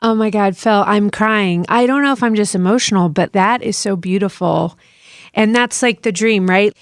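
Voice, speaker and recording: A woman's voice: medium pitch, moderate pace, no room sound, clean studio sound. A woman hosting a podcast interview, speaking effusively and laughing often. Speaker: podcast host. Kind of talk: casual interview chat.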